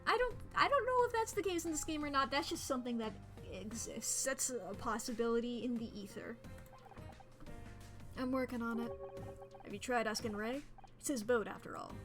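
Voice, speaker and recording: A woman streaming a detective game, who reads its dialogue aloud and chats casually, joking and thinking out loud. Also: on the high side, expressive, normal speed, soft background music. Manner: chatty, jokey, thinks out loud.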